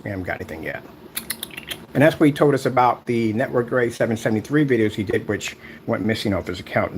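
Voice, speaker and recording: Taunting man with a lively voice. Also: mid-range voice, a little hiss or hum. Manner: taunting, sarcastic, rambling. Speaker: screen paint maker. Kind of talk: mocking online rant.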